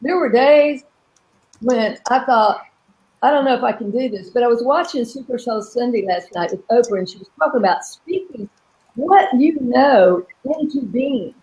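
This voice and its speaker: A middle-aged woman coaching an online audience, her voice sitting a bit high. She talks earnestly and explains each step of an affirmation exercise. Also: expressive, normal speed, a little mellow, low-quality recording. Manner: earnest, repeats affirmations with shifting emphasis. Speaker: coach and host. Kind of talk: live coaching webinar talk.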